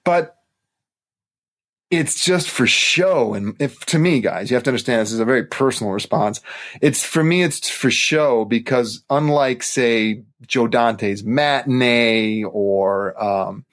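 A man's voice: medium pitch, unhurried, a bit bright. A man co-hosting a podcast, in a casual film discussion, thoughtful and analytical, often restarting his sentences. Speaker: podcast co-host.

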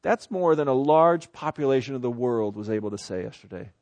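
A middle-aged man preaches by telling a personal story, his voice sitting in an ordinary middle pitch. He acts out his own frustration and disbelief with animated bursts. The sound is dry and close. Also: a little fast, no room sound. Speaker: pastor. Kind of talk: sermon storytelling.

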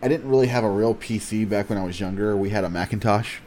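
A man chatting casually, relaxed and hesitant with frequent ums. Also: lowish voice, quick pace. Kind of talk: casual chat.

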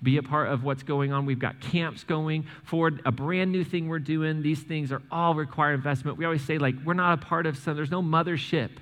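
A man preaching to his congregation as pastor, animated, stumbling over and restarting words, speaking straight to the people in the pews. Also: fairly high pitch, fairly quick, hardly any pauses, long reverb tail. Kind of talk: sermon with church announcements. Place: church sanctuary.

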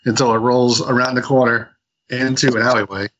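A man's voice: mid-range voice, fairly even intonation, fairly quick, a bit bright, dull audio. A man co-hosting a comic book podcast, retelling a story in a rambling way with many restarts. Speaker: podcast co-host. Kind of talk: casual comic book review chat.

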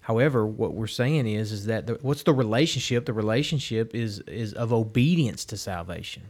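A man's voice: on the low side, expressive, moderate pace, a little mellow. A man hosting a casual theology podcast, speaking hesitantly and repeating words as he thinks.

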